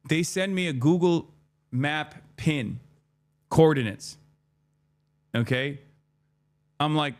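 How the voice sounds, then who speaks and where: Animated, profane man telling a story. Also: medium pitch, unhurried, pauses often. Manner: profane, animated, acts out his own dialogue. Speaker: streamer. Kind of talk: casual storytelling chat.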